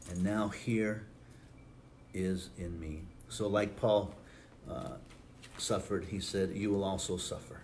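A man's voice: lowish voice, darkish tone, slight background noise. A man preaching a sermon as pastor, acting out quoted lines with a lifted voice. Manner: preaching, acts out quotes with rising voice.

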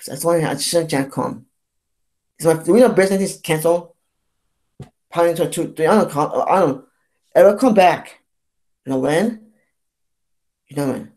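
A young adult vlogger in their twenties, speaking at a mid pitch in a long, rambling rant. They sound fed up and keep circling back to the same complaints, tripping over false starts along the way. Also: darkish tone. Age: 20s. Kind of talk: ranting vlog monologue.

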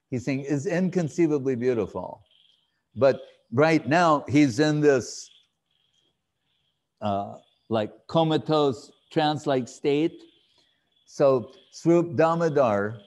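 A man delivering a devotional talk at an unhurried, deliberate pace. His voice sits in an ordinary middle register, and he tells the story reflectively, pausing often and searching for words. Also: mid-range voice, a little mellow. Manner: slow, reflective storytelling with pauses and fillers. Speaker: speaker giving a spiritual talk. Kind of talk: devotional lecture.

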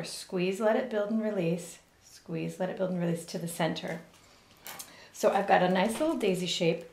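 A middle-aged woman giving a step-by-step cake decorating lesson, explaining each move gently and carefully. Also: mid-range voice, a little hiss or hum. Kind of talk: step-by-step demonstration. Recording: echoey room.

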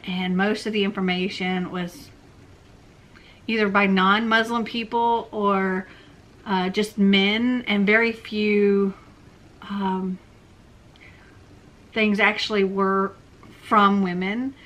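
Young woman rambling bout books on her channel, slow and chatty, bright voice. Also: medium pitch. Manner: chatty, many fillers like "like" and "um". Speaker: book vlogger. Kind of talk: casual book review chat.

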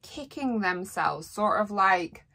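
A woman's voice: mid-range voice, expressive, takes it slowly, vocal fry, bright, forceful tone. A woman giving a rambling, heartfelt tarot reading as a psychic. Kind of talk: solo tarot reading monologue.

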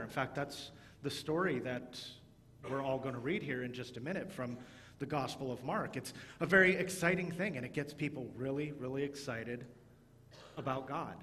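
A man leading a church service as pastor, talking to children with playful, animated emphasis. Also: medium pitch, normal speed, long reverb tail, slight background noise. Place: church sanctuary.

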